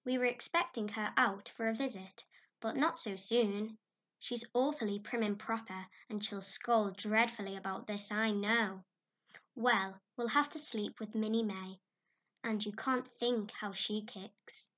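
A woman reading a storybook, voicing a lively, giggly young girl who talks eagerly and excitedly. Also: medium pitch, measured pace.

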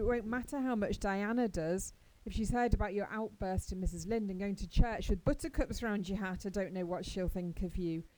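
Stern older lady guardian, brisk and scolding, mellow tone, a woman reading her. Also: medium pitch, natural voice, rough recording.

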